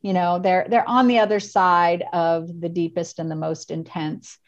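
Woman podcast host, lowish voice, affirming, kinda muffled lo-fi line. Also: fairly even intonation, normal speed. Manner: affirming, warm encouragement. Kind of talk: interviewing.

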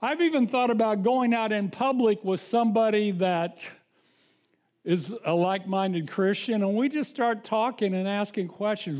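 A man's voice: sits high, normal speed, a little mellow. A man preaching a sermon as pastor, talking conversationally with frequent restarts and reading scripture aloud.

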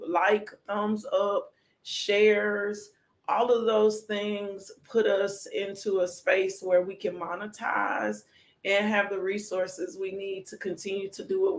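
A woman hosting a live morning devotional stream, playful and goofy, laughing often and chatting with viewers in the comments. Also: mid-range voice. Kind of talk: casual live-stream chat. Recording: roomy echo.

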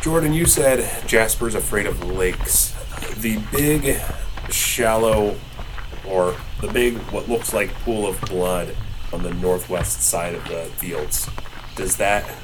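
A man's voice: sits low, slow. A man acting as game master of a tabletop game, asking the players playful questions and narrating. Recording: clear background noise.

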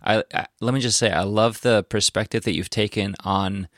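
A man's voice: on the low side, fairly even intonation, normal speed, a bit bright, no room sound, studio quality. A man hosting a podcast interview, affirming and encouraging as he reflects back on what his guest said. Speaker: podcast host. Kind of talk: interview conversation.

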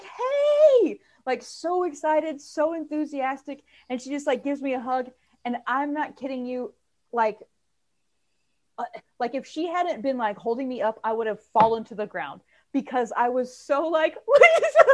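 A woman's voice: high voice, darkish tone. A woman co-hosting a podcast in casual chat, telling a story animatedly and acting out the quotes with big jumps in her voice. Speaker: podcast co-host.

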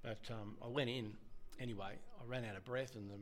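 A middle-aged Australian man, once a police officer, shares his story as an interview guest in a candid, personal way. He speaks haltingly and with emotion, often starting sentences over, though his tone stays steady and his voice sinks low whenever he quotes someone else.

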